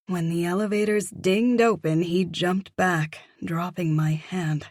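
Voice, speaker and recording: A woman reads a first-person audiobook with gentle, expressive storytelling. Her pitch sits a little low and her pace is slow and measured. The recording is close and dry, with no room sound. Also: no echo. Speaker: audiobook narrator. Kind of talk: scripted first-person narration.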